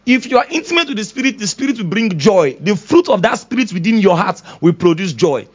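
Animated man preaching a sermon. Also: sits high, brisk. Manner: animated preaching, acts out voices, laughs often. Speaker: pastor. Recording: dull lo-fi sound.

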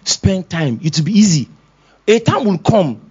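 Pastor, man; high, animated preaching that acts out scenes and voices, laughs often; slightly dull lo-fi recording. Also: measured pace, breathy edge. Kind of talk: sermon. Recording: dull lo-fi sound.

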